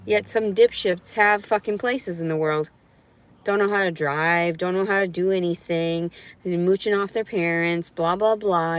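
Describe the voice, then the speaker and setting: A woman ranting alone to camera in a vlog, bitter and sarcastic, swearing a lot and sometimes slipping into a mocking sing-song voice. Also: medium pitch. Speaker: vlogger. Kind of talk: unscripted solo vlog rant.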